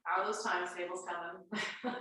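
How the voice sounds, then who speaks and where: A woman's voice: lowish voice, steady tone, slow, pushed and bright. A woman fitness instructor with a congested, nasal voice, giving chatty, reassuring cues through a guided workout. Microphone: camera mic at a distance. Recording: very echoey room, voice far from mic.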